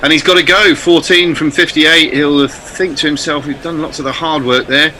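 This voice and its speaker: A man calling cricket ball by ball on live radio, lively on the play and relaxed between balls. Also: fairly high pitch, normal speed, rough recording. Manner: lively calls of the play, then relaxed chat. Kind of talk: live sports commentary.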